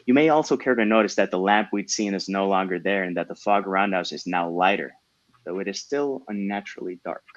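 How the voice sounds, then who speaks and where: A man voicing a calm, serious male vampire lord who speaks in a formal, courteous way. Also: low-pitched, brisk, no echo, muffled recording, lightly acted.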